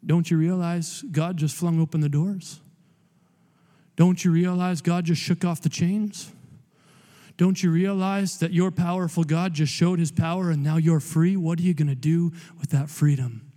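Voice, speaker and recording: A man's voice: a little high, steady tone, normal speed, warm tone. A man preaching a sermon in an emphatic, rambling way, with joking asides and repeated words. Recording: long hall reverb.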